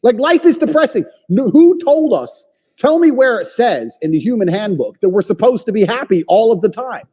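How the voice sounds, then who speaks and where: A man as a podcast guest, talking bluntly and forcefully with lots of swearing and emphatic claims. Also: very high voice, animated, moderate pace, slightly rough. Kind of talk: blunt opinionated conversation. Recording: long reverb, dull lo-fi sound.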